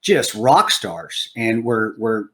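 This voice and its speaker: A man's voice: on the low side, very animated, slow, a bit bright. Encouraging podcast host man. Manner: encouraging, frequent yeahs and laughs. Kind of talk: casual interview chat.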